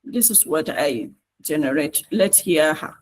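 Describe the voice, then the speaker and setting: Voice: mid-range voice, expressive, a little slow, a little hiss or hum, rough recording. A trainer with a Nigerian English accent gives a step-by-step online tutorial, repeating points and checking that listeners follow. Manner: repetitive, coaxing instruction with frequent checks on listeners.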